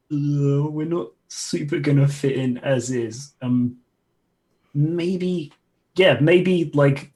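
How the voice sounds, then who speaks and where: A man's voice: mid-range voice, darkish tone, rough recording. A man playing in a tabletop game, casually thinking aloud about his character's backstory. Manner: easygoing, hesitant, thinking aloud. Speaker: player. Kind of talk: casual tabletop planning chat.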